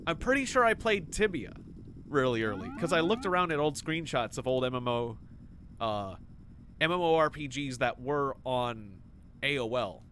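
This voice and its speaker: A man casually commenting as he plays a video game, rambling through memories and reacting excitably. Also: medium pitch, moderate pace, a little hiss or hum. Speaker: gaming video host. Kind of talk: casual let's-play commentary.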